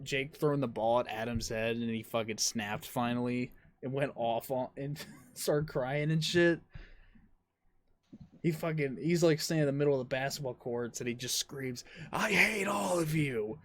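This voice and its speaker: A man's voice: mid-range voice, measured pace, no echo. Young man, podcast host, casual chat, rambling, profane. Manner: swears freely, rambling storytelling with laughs.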